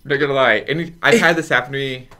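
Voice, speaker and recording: A man's voice: medium pitch, fast, bright, forceful tone. A man co-hosting a podcast, giving wry, rambling opinions in casual chat and correcting himself as he goes. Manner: wry, self-correcting banter. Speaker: podcast co-host.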